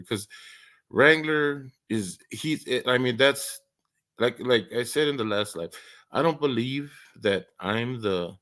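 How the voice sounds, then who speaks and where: A man's voice: medium pitch, takes it slowly, fairly bright tone. A man hosting an early-morning live stream, chatting casually, rambling and stammering through many restarts and laughing often.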